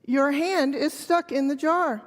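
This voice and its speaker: A woman voicing a sleepy, wise female owl who speaks gently and patiently. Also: high voice, unhurried, big-room sound, pitched above the performer's own voice.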